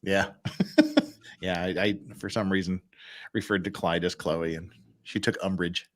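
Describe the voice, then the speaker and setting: A man's voice: sits low, unhurried. A man hosting a casual chat, amused and laughing as he reacts to courtroom footage. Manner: amused, animated, laughs often. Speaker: host.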